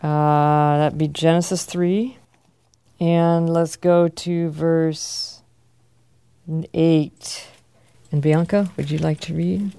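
A man's voice: on the high side, flat delivery, slow, creaky, long pauses, warm tone, smooth, dry recording. A man teaching a class, reading scripture aloud and asking his students questions in a conversational way.

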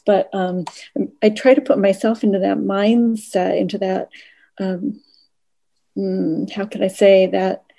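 A woman's voice: medium pitch, gravelly, warm tone. A woman in a Bible study discussion, speaking hesitantly and searching for her words. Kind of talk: reflective group discussion.

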